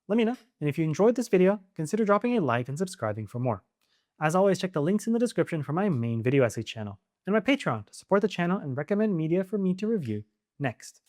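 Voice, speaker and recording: A man with a voice on the higher side for a man talks casually to his viewers as a channel host. He is animated and pushes his points with exasperated rhetorical questions. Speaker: video essay host. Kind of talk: casual opinion commentary to camera.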